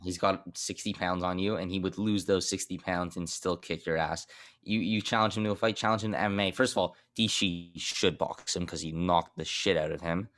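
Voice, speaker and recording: Young man, low deep voice, dry close sound, blunt and opinionated, casual sports talk. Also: steady tone, brisk, a bit bright, no room sound. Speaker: podcast co-host.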